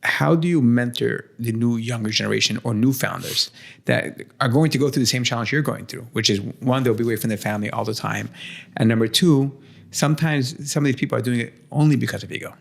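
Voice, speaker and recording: A man hosting an interview, asking slow, measured questions. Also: medium pitch, gravelly.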